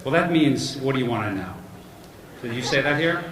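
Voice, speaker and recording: At a podium mic in an echoey hall full of background noise, a middle-aged commencement speaker tells family stories that poke fun at himself. His mid-range voice is expressive and moderately paced, and he tells them like a joking storyteller.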